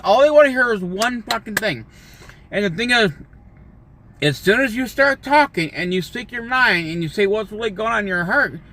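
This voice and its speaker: A man's voice: high voice, pushed and bright. A man livestreaming an angry, profane political rant, repeating himself and swearing often. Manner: heated, profane, repetitive.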